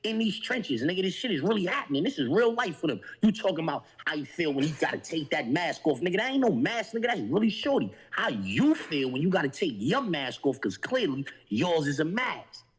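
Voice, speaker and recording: A man's voice: fairly high pitch, big pitch swings, brisk, hardly any pauses, husky, low-quality recording. A man on a podcast, talking in heated, emphatic street slang. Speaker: podcast guest. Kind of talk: heated casual talk.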